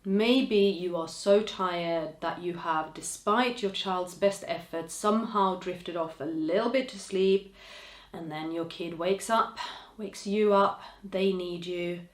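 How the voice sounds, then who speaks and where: A woman hosting a podcast, speaking to listeners in a gentle, encouraging way with soft trailing endings. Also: lowish voice, slow pace, reverberant. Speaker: podcast host. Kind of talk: reflective podcast monologue.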